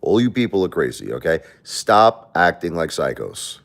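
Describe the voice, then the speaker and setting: Very deep-voiced rambling man. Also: sing-song, moderate pace, creaky, a bit bright. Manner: rambling, repeats words and restarts, emotional and defensive. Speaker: livestream host. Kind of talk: emotional livestream chat with viewers.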